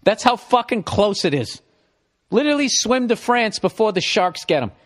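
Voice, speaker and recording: A middle-aged man with a Boston accent, hosting a podcast with a profane, animated comedic ramble. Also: high-pitched, normal speed. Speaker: podcast host.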